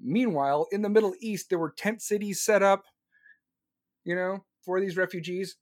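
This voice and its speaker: A man on a live stream ranting loudly and sarcastically about politics, mocking the other side in put-on voices. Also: high voice, moderate pace, no echo, clean studio sound.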